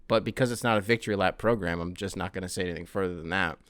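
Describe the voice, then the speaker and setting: A man's voice: low voice, racing, smooth, no echo, studio quality. A man hosting a casual podcast, reading listener emails aloud and joking around with frequent laughs. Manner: animated, joking, often laughing, swearing. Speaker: podcast host.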